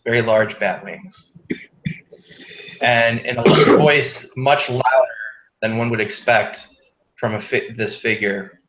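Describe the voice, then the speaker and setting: Unhurried male game master, muffled recording in an echoey room. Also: lowish voice, a bit bright, slight background noise. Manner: slow, hesitant with fillers. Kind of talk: narrating a tabletop game.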